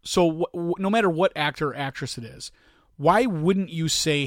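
A middle-aged man chatting casually as a podcast co-host, rambling and restarting, quick to laugh. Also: a little high, dry recording, studio quality. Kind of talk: casual chat.

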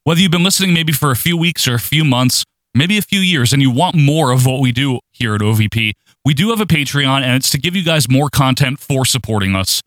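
A man's voice: mid-range voice, lively intonation, brisk, fairly bright tone, dry recording. A man hosting a casual podcast, talking in an upbeat, announcer-like way. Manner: upbeat, announcer-like sing-song intro. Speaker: podcast host.

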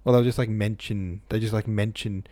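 A man's voice: lowish voice, steady tone, normal speed, warm tone, no room sound. A man reading a novel aloud, breaking off for offhand asides full of "like". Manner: offhand, says "like" a lot. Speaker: reader.

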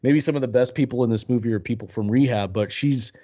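A man's voice: mid-range voice, quick pace, dark tone, highs cut off. A man co-hosting a film podcast, casual chat about a movie, cursing freely and laughing along. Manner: swears freely, laughs often. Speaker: podcast co-host.

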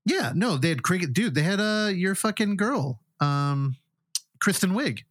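In a high-pitched voice at a measured pace, a male podcast co-host chats casually, rambling through long, animated stories with acted-out, quoted reactions. It's a studio-quality recording with no echo.

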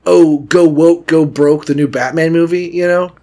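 A man's voice: on the high side, fairly even intonation, normal speed, mellow. A man co-hosting a podcast in casual, rambling banter, often trailing off mid-thought and swearing freely. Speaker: podcast co-host.

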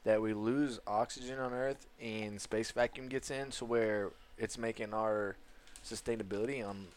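A man's voice: on the low side, fairly even intonation, normal speed. A man co-hosting a podcast, rambling and joking in casual chat. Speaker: podcast co-host.

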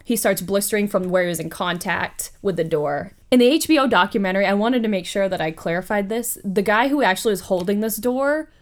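A woman hosting a podcast. She retells a story in a casual, animated way, with profane asides. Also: medium pitch, brisk, few pauses. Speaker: podcast host.

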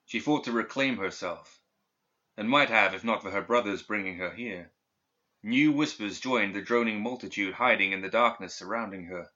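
A man reading a dark fantasy story aloud in steady, even scripted narration. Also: lowish voice, moderate pace. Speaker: audiobook narrator. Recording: dull lo-fi recording.

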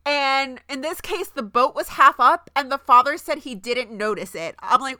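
Bright dry-voiced woman chatting casually. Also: high-pitched, normal speed, hardly any pauses, dry recording. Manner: chatty, lots of fillers. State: has the hiccups. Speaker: podcast co-host. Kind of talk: casual chat.

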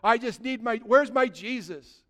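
A man's voice: extremely high pitch, a little slow, bright, forceful tone, full character voice. A preacher voicing a desperate grieving young woman. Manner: pleading, urgent.

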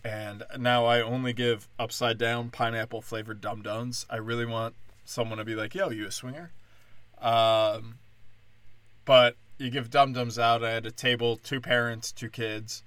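A young man with a bright, forward voice tells long, profane stories in a loose, rambling way. His sound is dry and close to the mic. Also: mid-range voice, measured pace, clear, resonant tone, no room sound. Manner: profane, rambling, animated storytelling. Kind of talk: casual storytelling rant.

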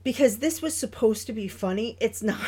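A woman co-hosts a film podcast in easy, casual conversation. Her voice sits a bit high, and she breaks into laughter often as she riffs on scenes. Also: moderate pace, husky. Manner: animated, laughs often while talking. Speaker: podcast co-host. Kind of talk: casual chat reviewing a film.

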